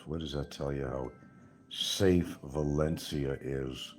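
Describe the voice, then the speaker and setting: An older man talks on his own livestream in a very deep, low register. He rambles from one remark to the next with a sarcastic edge and chuckles at his own jokes. Faint music plays in the background. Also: steady tone, moderate pace, fairly bright tone. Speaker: livestream host. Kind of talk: casual livestream chat.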